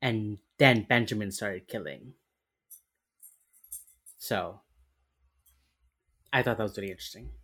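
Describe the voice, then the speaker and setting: A woman's voice: extremely low pitch, unhurried, pauses often, a bit bright, husky, soft background music. A woman co-hosting a casual recap podcast, retelling scenes and slipping into characters' lines with frequent laughs. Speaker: podcast co-host recapping a TV episode. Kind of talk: casual chat.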